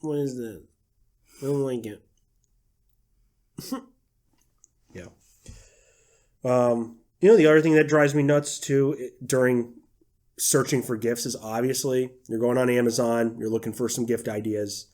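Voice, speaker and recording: A young man rants on a casual podcast, sarcastic and quick to swear. His voice sits at an ordinary middle pitch for a man. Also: steady tone, a little mellow. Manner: ranting, sarcastic, swears freely. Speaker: podcast co-host. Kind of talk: casual chat.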